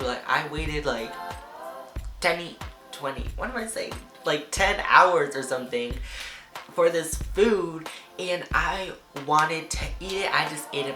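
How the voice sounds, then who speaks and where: A young man telling a rambling, excitable storytime vlog, full of "like" and acted-out reactions. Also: on the high side. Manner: chatty, rambling, fillers of "like" throughout; excitable, acts out reactions in quoted voices. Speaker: vlogger. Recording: roomy echo with background music.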